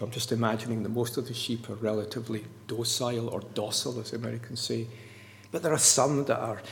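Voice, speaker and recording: A man's voice: mid-range voice, gravelly, a little hiss or hum. A man preaching a sermon in an earnest, emphatic way, often repeating his key words. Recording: long church-hall reverb.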